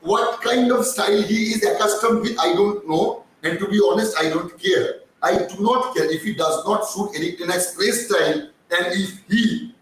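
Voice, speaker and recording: A high-pitched man hosts a live stream, his voice hoarse and strained. He rambles casually with lots of fillers and restarts as he answers viewers. He sits well back from the mic in a very echoey room with faint background hiss. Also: normal speed, few pauses, distant mic. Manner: chatty, reads viewer comments, many fillers and restarts. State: strained, croaking voice.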